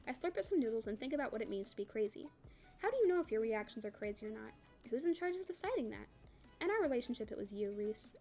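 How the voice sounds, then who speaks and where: A woman reading a novel aloud in an expressive first-person voice for a book club. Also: high-pitched.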